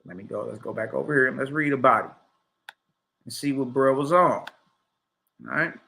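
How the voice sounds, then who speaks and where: A man's voice: medium pitch, moderate pace, gravelly, bright, forceful tone. A man leading a livestreamed scripture study, reading passages aloud and explaining them in casual slang while checking in with his listeners. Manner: reads passages aloud, then paraphrases. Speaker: teacher.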